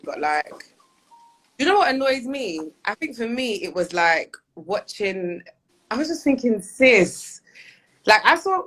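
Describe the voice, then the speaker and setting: A British woman with a medium-pitched, fairly bright voice chats candidly as an interview guest over a video call. She's talkative, open, and quick to laugh.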